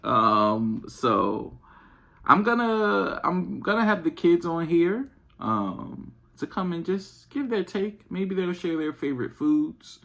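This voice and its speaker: A parent hosting a podcast, venting comically in casual slang, who swings from low mumbling to loud outbursts. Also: very animated, slow, vocal fry. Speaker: podcast host; parent of young children and an eleven-year-old. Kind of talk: comedic venting monologue.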